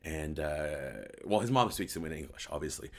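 A tired, hoarse male host with a slight French-Canadian accent, chatting casually and rambling as he answers a live chat. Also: extremely low pitch, lively intonation, moderate pace. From Quebec, Canada. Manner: rambling, self-deprecating, switches between English and French.

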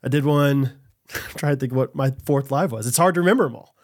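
A man's voice: medium pitch, fast talker. A man in his thirties co-hosting a podcast, chatting casually, rambling and laughing often. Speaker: podcast co-host. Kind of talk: casual chat.

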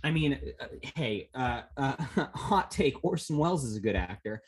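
A man with a slightly husky, unpolished voice chats casually about a movie as a podcast co-host. He rambles, jokes and drops the odd curse word, and his pitch sits mid-range for a man. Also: lively intonation, normal speed. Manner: rambling, jokey, profane. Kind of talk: casual film discussion.

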